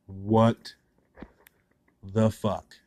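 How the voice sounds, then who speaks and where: A man's voice: fairly low pitch, level tone, drawn-out words, a little mellow, slight background noise. A man reviewing a comic in a casual, sarcastic and blunt way, swearing freely.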